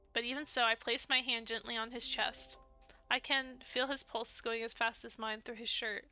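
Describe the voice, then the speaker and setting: A woman's voice: on the high side, pushed and bright, clean tone. A young woman streaming a dating game, reading its narration aloud and reacting expressively, laughing and emotional. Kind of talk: let's play with read-aloud narration.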